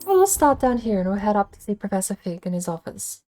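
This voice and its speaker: A woman's voice: medium pitch, very animated, fast, darkish tone, soft background music. A woman streamer casually talking through a video game, wry and self-mocking, thinking aloud. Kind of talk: casual gaming livestream commentary.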